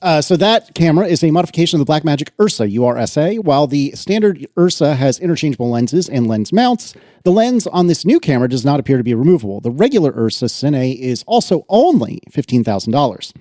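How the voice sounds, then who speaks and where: A man's voice: a little high, very animated, fast talker, warm tone, no room sound, studio quality. A man co-hosting a casual tech podcast, reading listener letters aloud and laughing often. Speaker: podcast co-host.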